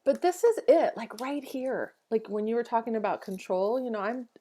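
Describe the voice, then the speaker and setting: A woman's voice: on the high side, moderate pace, warm tone, slight background noise. A woman co-hosting a podcast in casual chat, reflective and chatty, acting out her own inner thoughts as she talks. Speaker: podcast co-host.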